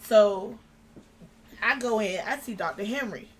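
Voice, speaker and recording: A woman's voice: medium pitch, a little slow. A young woman, a guest in an interview, telling a personal story in a casual way and acting out what people said. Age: young adult. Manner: animated, acts out quoted dialogue.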